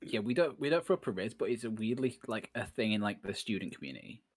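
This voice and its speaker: A man's voice: lowish voice, animated, fast talker. A man from the United Kingdom chatting on a podcast, filling his talk with "like" and laughing often. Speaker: podcast co-host. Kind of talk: casual chat.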